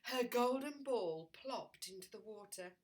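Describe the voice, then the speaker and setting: A woman teacher reading a picture book aloud to children, expressive and slow, pointing out the pictures. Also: a little high, far from the mic.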